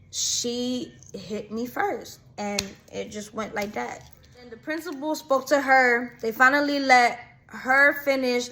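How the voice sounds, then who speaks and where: A young adult woman casually telling a storytime, animated and slangy, rambling quickly through events. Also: fairly high pitch. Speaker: vlogger.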